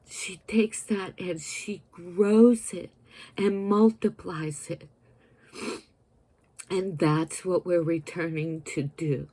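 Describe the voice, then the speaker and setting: A woman's voice: medium pitch, steady tone, takes it slowly, mellow. A woman in her fifties, a vlogger giving an earnest, emotional spiritual message straight to her viewers. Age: 50s. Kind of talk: heartfelt spiritual talk to camera.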